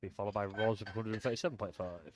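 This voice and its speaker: A man in a low register commentates on a powerlifting meet. He talks casually with his co-host, restarting sentences and reading out attempts as they come up. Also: fairly even intonation, very fast, noisy background. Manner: chatty, hesitant restarts, reads attempts off screen. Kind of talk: live sports commentary, casual chat.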